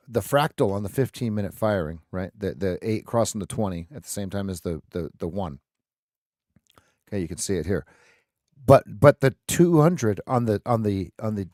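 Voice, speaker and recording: A man's voice: on the low side, darkish tone, no echo, studio quality. Man calling live market levels. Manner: repetitive, thinks aloud with restarts. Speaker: trading stream host.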